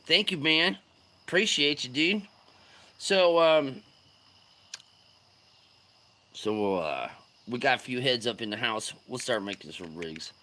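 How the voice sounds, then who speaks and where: Guy on a fishing livestream, bright lively voice, rowdy and slangy, hollers at chat. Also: mid-range voice, a little slow. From California.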